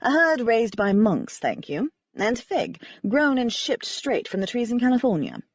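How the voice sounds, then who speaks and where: A woman voicing a fussy, uppity man with a British accent who drawls and chides, his voice husky and silken. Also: a little high, huge pitch swings, a little slow, dry recording, muffled recording, full character voice. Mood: chiding. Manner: drawling, haughty.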